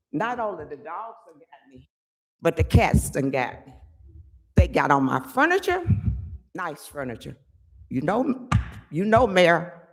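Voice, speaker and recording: An older woman giving an angry, emphatic public comment at a village board meeting, often pausing to ask "okay?". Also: lowish voice. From Chicago area.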